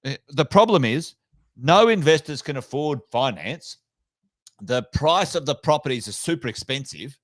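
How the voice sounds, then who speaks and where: A man's voice: mid-range voice, lively intonation, normal speed, dry recording. An Australian man co-hosting a finance podcast, blunt and sweary, mocking officials in casual banter. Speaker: podcast co-host.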